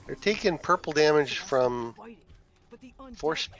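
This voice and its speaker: A man chatting casually while playing an online game, reacting quickly and laughing with his group. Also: fairly high pitch, expressive, a bit bright, soft background music. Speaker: podcast co-host and player. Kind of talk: casual gameplay chat.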